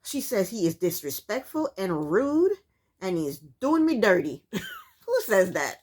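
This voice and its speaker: Woman, reality show recap, casual commentary, sassy, exasperated, rhetorical questions, husky. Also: mid-range voice, huge pitch swings, a little slow, darkish tone.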